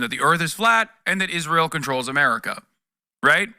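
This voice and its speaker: A man's voice: a little high, big pitch swings, moderate pace, sharp tone, no room sound, clean studio sound. A man streaming casual political commentary, talking with a profane, exasperated edge in bursts with restarts, to his chat.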